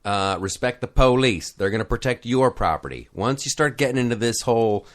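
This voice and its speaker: A man's voice: mid-range voice, animated, a little fast. A man hosting a talk show, riffing sarcastically in casual political banter. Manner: sarcastic, mock-outraged, puts on voices.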